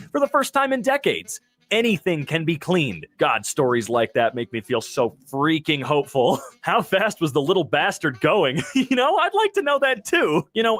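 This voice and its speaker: Male reaction host, lively rising-falling delivery, reads captions then cracks jokey asides. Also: fairly high pitch. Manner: jokey asides after each reading. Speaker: host reacting to wholesome posts. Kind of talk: casual commentary, reading captions aloud.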